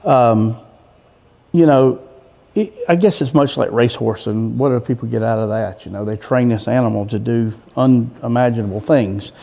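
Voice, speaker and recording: A man's voice: mid-range voice, moderate pace, gravelly, mellow. A man telling a rambling, folksy story as a guest in a casual interview, with frequent restarts. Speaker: guest, coon hunter.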